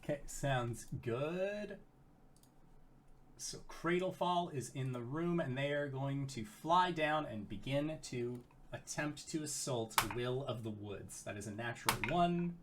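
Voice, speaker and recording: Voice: medium pitch, animated, measured pace, background noise. A game master narrating a tabletop game in vivid, casual detail, peppered with "like" and the odd swear.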